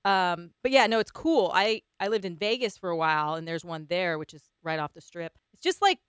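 Quick, smooth-voiced woman podcast host. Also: fairly low pitch, lively intonation, dry recording, studio quality. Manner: playful, teasing. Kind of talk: casual podcast chat.

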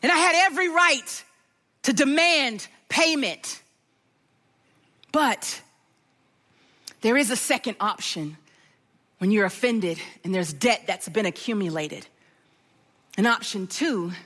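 A middle-aged woman preaching a sermon with a personal story, telling it in an animated way and acting out the voices of the people in it. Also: high voice. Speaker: pastor.

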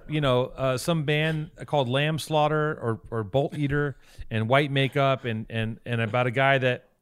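A man co-hosting a podcast, giving a rambling, profane and excited recap of a movie in casual chat. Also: mid-range voice, normal speed, clean tone. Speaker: podcast co-host.

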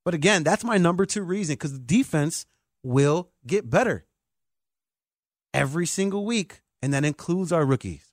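A man hosting a sports talk show, excitable and emphatic like a hyped fan. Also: on the high side, moderate pace, no echo, studio quality. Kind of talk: animated sports podcast talk.

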